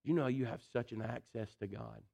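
A man preaching a sermon in a folksy, animated way, swinging between loud emphasis and quiet intensity and often saying "listen" and "you know.". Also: mid-range voice, fairly quick, gravelly, dull audio.

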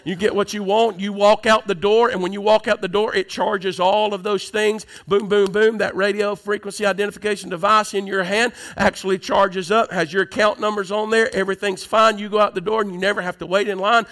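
High-voiced preacher. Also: male voice, flat delivery, a little fast, few pauses. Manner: builds from conversational teaching to loud, emphatic preaching. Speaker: pastor. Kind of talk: sermon.

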